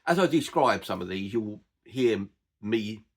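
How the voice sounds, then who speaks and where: Gravelly man with an Estuary English accent. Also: fairly low pitch, expressive. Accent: Estuary English, Cockney-like. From edge of East London and Essex, England. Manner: unhurried explaining, with frequent "uh" and "um". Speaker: dialect explainer. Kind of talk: informal spoken lesson.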